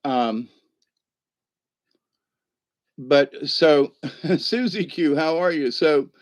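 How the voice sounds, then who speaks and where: A man's voice: fairly high pitch, drawn-out words, no echo. A man hosting a casual livestream, rambling through stories, laughing often and answering the chat. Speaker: livestream host.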